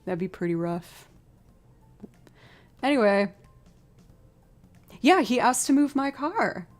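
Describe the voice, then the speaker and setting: A woman's voice: fairly high pitch, very animated, slow pace, soft background music. A woman chatting casually with her livestream viewers, telling a story and acting out both sides of the conversation. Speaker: livestream musician. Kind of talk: casual chat with live stream viewers.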